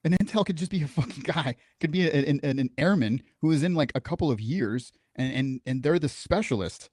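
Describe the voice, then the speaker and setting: A man's voice: on the high side, a little fast, hardly any pauses, dry recording, clean studio sound. A man who is a military veteran, telling a story in a casual interview, swearing freely and acting out the dialogue. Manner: profane, animated, acts out quoted dialogue.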